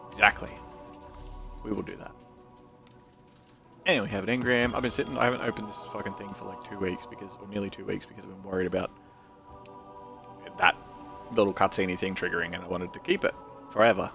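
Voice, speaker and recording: Low-voiced man rambling over a game. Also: fairly even intonation, quick pace, gravelly, pauses often, a bit bright, faint music behind. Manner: rambling, joking, reads game text aloud. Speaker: video game streamer. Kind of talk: casual gameplay commentary.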